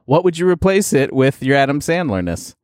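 Lively laughing young man, podcast co-host. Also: mid-range voice, brisk, clear, resonant tone, dry recording, studio quality. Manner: lively, laughing, jokey storyteller. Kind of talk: casual chat.

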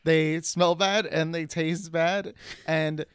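A man's voice: a little high, steady tone, slow, fairly bright tone, smooth, no echo. A man co-hosting a casual podcast over a call, stammering and laughing as he jokes. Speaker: podcast co-host. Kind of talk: casual chat. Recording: call audio.

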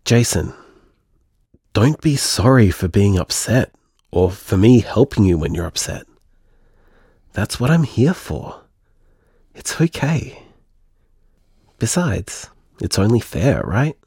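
A devoted partner, played by a man, speaks slowly and gently to reassure someone. His voice is low and husky, and the recording is dry and close. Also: big pitch swings, no room sound, full character voice. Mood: tender. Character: tender, devoted male partner. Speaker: comforting partner. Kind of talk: audio drama acting.

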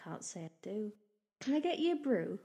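A woman's voice: medium pitch, big pitch swings, moderate pace, gravelly, dark tone, slightly rough, exaggerated voice. A woman voicing a chatty, nosy female clerk at an institute, with homely, gossipy phrasing. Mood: friendly.

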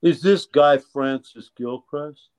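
A man doing a gruff New Jersey tough guy. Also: fairly high pitch, a little mellow, voice pushed up. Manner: slow, tough-guy street talk. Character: gruff New Jersey toy salesman, male, middle-aged, pushy.

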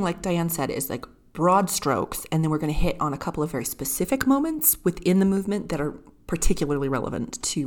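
A woman co-hosting a podcast, chatting casually about a novel with lots of filler words. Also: deep voice. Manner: chatty, many fillers like "kind of" and "like". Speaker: podcast co-host. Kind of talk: casual literary podcast chat.

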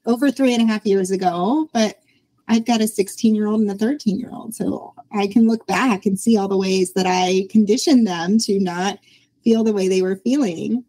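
A woman's voice: medium pitch, normal speed, low-quality recording. A woman in her forties hosting a podcast, talking through her thoughts in a casual, reflective way and often laughing. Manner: reflective, laughs often, quotes herself in lively voices. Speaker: podcast host. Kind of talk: casual conversational interview.

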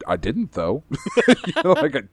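A man's voice: on the high side, wildly swooping pitch, unhurried, breathy edge, dry recording. A man hosting a podcast in casual chat, rambling and swearing freely. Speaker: podcast host.

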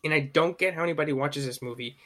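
A man's voice: on the high side, fast, bright, forceful tone. A man around thirty in casual chat, rambling enthusiastically and swearing freely.

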